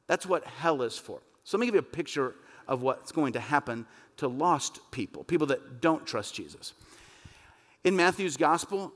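A man preaching a sermon as pastor, impassioned and emphatic, rising to forceful peaks. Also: sits high. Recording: long reverb of a church hall.

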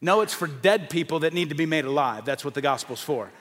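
A man delivers an evangelistic sermon emphatically, building to forceful peaks and sinking low, at times acting out the voices of doubters. He sounds animated and brisk.

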